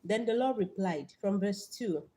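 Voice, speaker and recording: A young Nigerian woman with a Nigerian accent, hosting a live stream motivational talk with Bible verses, lively and repeating words as she greets viewers by name. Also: mid-range voice, moderate pace. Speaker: livestream host.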